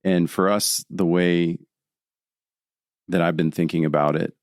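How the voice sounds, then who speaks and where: A man speaking as a podcast guest, explaining his thoughts in a reflective, unhurried way. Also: deep voice, fairly even intonation, darkish tone, dry recording, clean studio sound. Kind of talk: casual podcast conversation.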